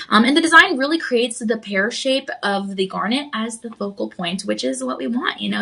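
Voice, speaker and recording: A woman's voice: fairly high pitch, vocal fry, fairly bright tone. Gushing woman hosting a jewelry sale. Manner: gushing, chatty, addresses viewers as friends. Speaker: shopping channel host. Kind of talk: live jewelry sales pitch.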